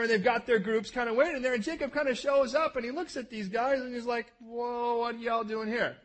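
A man preaching a relaxed, conversational sermon, his voice pitched high for a man and somewhat husky. He tells the story in a chatty way and keeps asking his listeners rhetorical questions.

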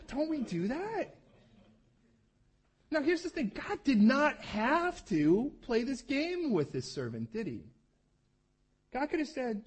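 A man preaching a lively, humorous sermon, often acting out the voices in the stories he tells. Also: high-pitched, unhurried, slightly rough. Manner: animated, humorous, acts out voices.

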